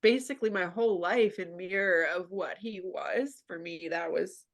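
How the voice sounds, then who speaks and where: Candid woman with a gravelly edge. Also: fairly low pitch, moderate pace. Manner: earnest, filler-heavy, frequent "like". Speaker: radio show guest. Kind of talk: candid personal interview.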